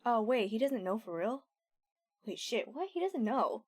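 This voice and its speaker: Excitable woman streamer, casual play-along commentary, high-ish lively voice. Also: faint music behind. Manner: quick, excitable reactions.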